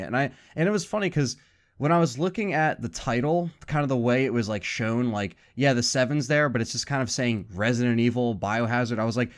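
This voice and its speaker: A man's voice: mid-range voice, lively intonation, a little fast, smooth. A man hosting a podcast, chatting in a loose, laid-back way with lots of fillers. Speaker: podcast host. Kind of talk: casual podcast chat.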